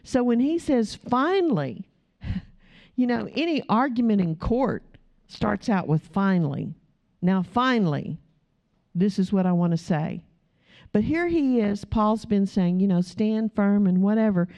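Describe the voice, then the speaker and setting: A woman's voice: mid-range voice, animated, measured pace, warm tone. A woman preacher giving a chatty, storytelling sermon with asides to the congregation, recorded on a dull lo-fi recording. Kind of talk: conversational sermon.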